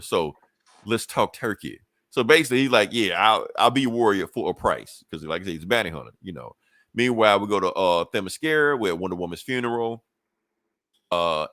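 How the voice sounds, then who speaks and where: A man's voice: lowish voice, fairly bright tone, no room sound, clean studio sound. Loose, profane man recapping comics. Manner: loose and profane, acts out characters' lines with laughs. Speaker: podcast co-host reviewing comics. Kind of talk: casual comic book recap.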